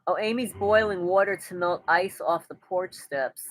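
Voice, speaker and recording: A woman's voice: on the low side, moderate pace, no echo, rough recording. A woman hosting a casual live stream, reading viewers' comments aloud and answering them in a chatty way. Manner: chatty, with frequent restarts and light laughter.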